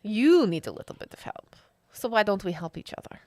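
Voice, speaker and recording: A woman playing a smooth-talking boy gang leader. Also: lowish voice, fairly quick, no room sound, clean studio sound. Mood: cool. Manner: calm, bargaining, in the manner of a smooth villain.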